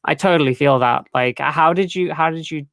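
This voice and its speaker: Gravelly man asking hesitant questions. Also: on the high side, normal speed, a bit bright, no room sound, clean studio sound. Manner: hesitant, restarts often. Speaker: podcast co-host. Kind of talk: casual interview questions.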